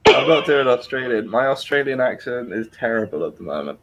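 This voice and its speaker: A man's voice: mid-range voice, a little fast, noisy background. A man in a casual chat, telling a story animatedly and laughing between lines. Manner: animated, laughing, trying out accents.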